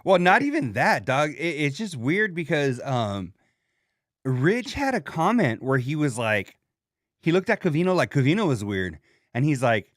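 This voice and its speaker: A man's voice: on the high side, very animated, moderate pace, a bit bright, no echo, studio quality. A man hosting a casual podcast chat in slangy talk, often acting out the lines he quotes. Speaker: podcast host.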